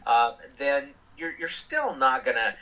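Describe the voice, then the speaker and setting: A man being interviewed as a guest, telling animated stories with frequent restarts and acted-out dialogue. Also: mid-range voice, a little slow, muffled recording. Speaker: guest speaker. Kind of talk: storytelling interview answers.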